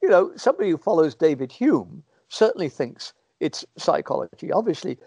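A man's voice: on the high side, big pitch swings, a little fast, a little mellow, breathy edge, no room sound. A man answering interview questions in a thoughtful, rambling way, often acting out what people might say, heard over a remote call microphone. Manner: thoughtful, rambling, acts out quoted speech.

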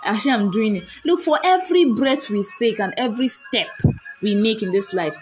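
A woman's voice: medium pitch, low-quality recording. A woman giving a faith-based motivational talk, emphatic and commanding, repeating her points and laughing often.

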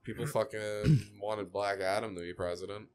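A young man co-hosts a podcast in casual chat. His voice is very deep. He rambles and restarts his sentences as he works through an idea. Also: steady tone, a little mellow. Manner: rambling, halting phrasing. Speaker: podcast co-host.

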